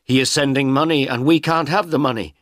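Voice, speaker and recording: A man voices a worried village woman, speaking anxiously at medium pitch and a little fast, pitched above his own voice yet close to everyday speech. The recording is dry and of studio quality.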